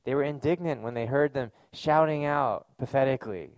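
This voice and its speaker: Male pastor, gravelly, dry close sound, casual earnest sermon delivery. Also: medium pitch, expressive, a little fast, few pauses, darkish tone, no room sound. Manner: conversational, earnest preaching with casual fillers.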